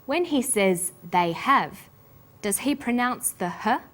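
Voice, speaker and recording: A woman with an Australian accent presenting an English pronunciation lesson, speaking slowly and enunciating every sound with care. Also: fairly high pitch, expressive. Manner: slow, careful, clearly enunciated. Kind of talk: scripted lesson narration.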